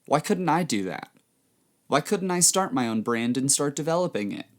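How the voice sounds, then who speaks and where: A man hosting his podcast, giving a measured, reflective scripted narration. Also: on the high side, lively intonation. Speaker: podcast host.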